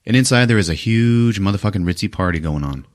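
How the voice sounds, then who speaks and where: A lower-voiced man with a lively, swinging delivery recaps a film for his podcast, swearing freely. He keeps breaking into exaggerated high voices to act out the characters. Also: fast talker. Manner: animated, profane, jumps into high silly voices for characters. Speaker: podcast host. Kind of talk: casual movie recap with acted-out lines.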